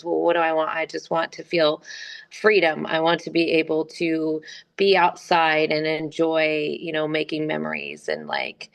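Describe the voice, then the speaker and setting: Woman, middle-aged, very low voice, gravelly, rambling, hesitant. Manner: rambling, hesitant, many fillers. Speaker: group member. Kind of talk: casual chat.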